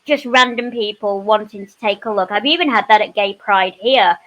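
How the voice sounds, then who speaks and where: A woman's voice: medium pitch, moderate pace, rough recording. A woman, a panel guest telling her stories in a casual chat with lots of "you know" asides. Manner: animated storytelling, frequent "you know" asides.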